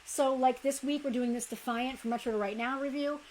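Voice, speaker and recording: A woman's voice: high voice, steady tone, a little fast, darkish tone, a little hiss or hum, poor audio. A woman co-hosting a toy shop's live stream, chatting casually and promoting the membership group. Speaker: co-host of a toy shop live show.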